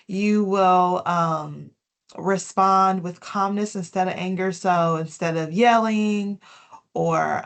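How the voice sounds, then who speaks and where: Gentle woman presenting a wellness lesson. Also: fairly low pitch. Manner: gentle, explanatory, with fillers like "um" and "you know"; reads from prepared points, then explains in her own words. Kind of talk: health education talk.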